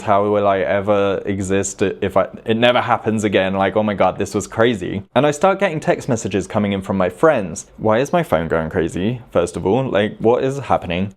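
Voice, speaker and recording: A man's voice: on the low side, a little mellow. Emphatic man in his late thirties. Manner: confessional and emphatic, repeats words for stress. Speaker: vlogger. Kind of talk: personal storytelling to camera.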